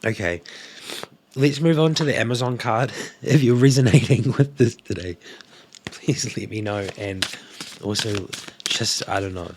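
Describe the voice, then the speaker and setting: A man's voice: fairly low pitch, measured pace, a little hiss or hum. Emotional man reading oracle cards. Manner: emotional, laughing, sighing. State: emotional, coughing. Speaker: tarot card reader. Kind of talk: casual card reading to camera.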